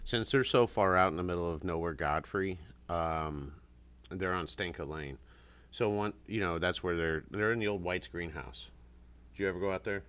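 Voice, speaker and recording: A man's voice: sits low, normal speed, a bit bright, smooth. A man chatting casually, rambling through stories and acting out what others said. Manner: rambling storyteller, acts out quotes. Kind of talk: casual chat.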